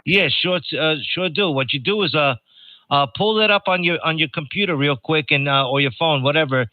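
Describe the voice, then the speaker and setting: A man's voice: on the high side, fairly quick, narrow, tinny audio. An older man from New York hosting a ham radio net in chatty, joking casual talk, reading out call signs. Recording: noisy radio transmission.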